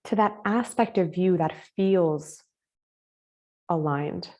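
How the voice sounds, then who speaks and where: A woman teaching a live online spiritual masterclass over a video call. She talks in a gentle, casual way with many filler words. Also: lowish voice, slow.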